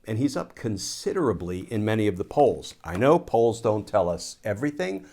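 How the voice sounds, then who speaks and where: Low-voiced man giving measured legal commentary. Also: big pitch swings, vocal fry, darkish tone. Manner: measured and explanatory, restating phrases for emphasis. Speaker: former Army lawyer turned legal commentator. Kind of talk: solo commentary video.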